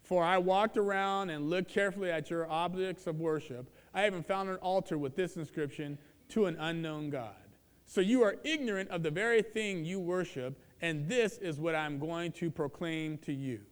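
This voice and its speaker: A man preaches a sermon in a big hall whose long reverb trails after his words. His voice sits fairly high and sounds smooth and resonant. He swings from loud, emphatic proclamation down to low, quiet confession. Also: normal speed.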